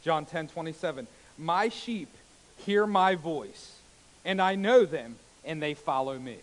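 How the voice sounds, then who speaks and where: In a church sanctuary, a man preaching as pastor alternates between booming exclamations and quiet, gentle stretches, punctuated by "amen" and "hallelujah." His voice is a little high and a little slow, captured on a rough recording.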